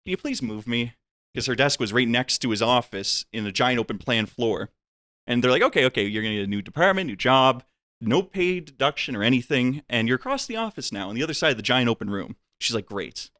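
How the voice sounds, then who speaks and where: A man casually telling a long story on a podcast, acting out the people in it with big jumps in pitch. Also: brisk, no room sound, clean studio sound. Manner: animated, acts out voices with big pitch jumps. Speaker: podcast guest.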